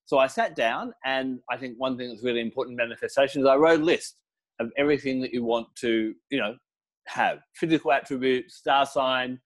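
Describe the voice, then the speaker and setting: A middle-aged man speaks in a relaxed, storytelling way during an interview. His voice sits at an ordinary middle pitch for a man. He explains things patiently, with a few "um"s and "you know"s along the way. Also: fairly quick. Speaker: crystal and essential oil teacher, guest. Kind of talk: casual interview talk.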